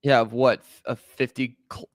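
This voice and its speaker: Teasing man in mid-pitch, dry sound. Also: flat delivery, moderate pace, no echo. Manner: teasing, laughing. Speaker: podcast co-host. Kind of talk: casual chat.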